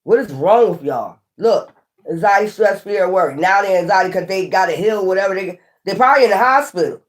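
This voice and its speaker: A woman giving a casual, animated tarot reading, often scolding and repeating herself. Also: medium pitch, a little fast. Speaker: tarot reader.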